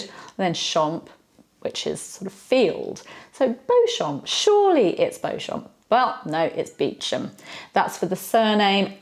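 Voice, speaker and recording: British woman host, middle-aged, unhurried and slightly low voice, playful wry delivery. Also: gravelly. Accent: British English. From Britain. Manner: chatty, playful, wry asides. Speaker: history channel host. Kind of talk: casual educational talk to camera.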